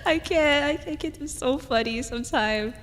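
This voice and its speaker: A woman's voice: sits high, moderate pace, long reverb tail. A woman streamer chatting casually and rambling, giggling and laughing often as she reads comments. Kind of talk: casual chat reading chat comments.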